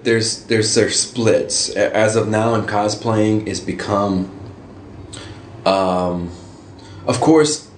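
Lowish-voiced man telling stories, roomy sound. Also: slow, pauses often. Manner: animated, jumps into high voices for quoted reactions. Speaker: interview guest, costume hobbyist. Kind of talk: casual storytelling in an interview. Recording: roomy with faint ambient noise.

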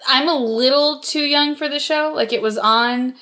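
A woman's voice: high voice, moderate pace, pushed and bright. A woman cosplayer chatting casually in an interview, with lots of fillers and restarts. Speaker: cosplayer guest.

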